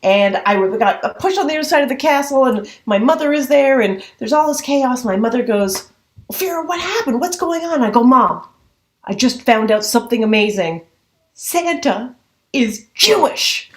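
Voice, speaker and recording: A woman's voice: a little high, a little fast, reverberant. A woman telling a comic personal story over a video call, acting out the voices of herself as a child and her mother.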